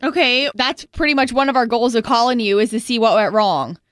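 A woman co-hosting a morning radio show in a studio, blunt and quick to defend the caller. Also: fairly high pitch, no echo. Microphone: studio mic.

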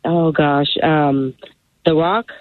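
A woman's voice: sits low, fairly even intonation, slow, phone-quality sound, very noisy. A woman calling in to a radio game, flustered and self-deprecating. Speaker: caller.

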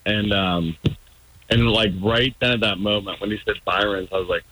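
This radio phone-in features a man hesitantly rambling through a casual story, dropping many ums along the way. His pitch is on the low side, his tone steady and sharp, and his pace moderate, all captured in a low-quality recording.

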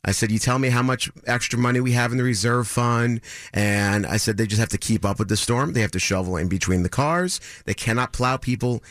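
A man in his thirties telling a story on a morning radio show, animated and mimicking other people in a higher voice. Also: a little fast, dry recording, clean studio sound. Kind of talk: casual chat, telling a story.

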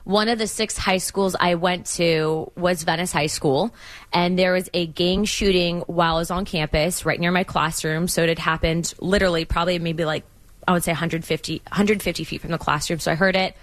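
A woman's voice: fairly low pitch, steady tone, brisk. A young American woman, a guest on an interview show, telling personal stories in a rambling, casual way with many fillers and frequent laughs. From United States. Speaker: congressional candidate, guest.

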